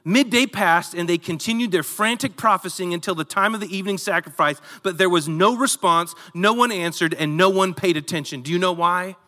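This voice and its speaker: Male pastor, sermon delivery, animated storyteller, bright tone, church hall reverb. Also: high-pitched, fairly quick, few pauses. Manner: animated storytelling, acts out voices.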